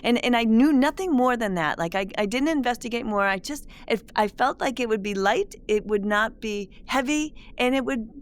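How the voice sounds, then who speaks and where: A middle-aged woman, a spiritual medium, telling a personal story to listeners in a gentle, reflective way with many restarts. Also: on the high side, lively intonation, normal speed, hardly any pauses, clean tone. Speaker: spiritual medium, podcast host.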